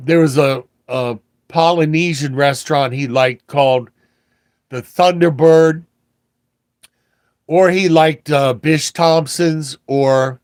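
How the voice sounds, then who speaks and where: A man's voice: on the high side, no echo. An older man hosting a casual livestream, telling rambling, folksy stories with a wry touch. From Washington area, USA. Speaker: livestream host.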